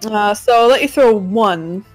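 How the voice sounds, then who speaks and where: A woman's voice: mid-range voice, measured pace, faint music behind, poor audio. A woman running a tabletop game as game master, narrating scenes vividly.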